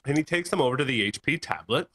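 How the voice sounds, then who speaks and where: A man co-hosting a casual podcast, telling animated stories and laughing often. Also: mid-range voice, fast talker, husky. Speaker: podcast co-host. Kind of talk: casual chat, storytelling. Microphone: headset or desk mic in a live-streamed podcast.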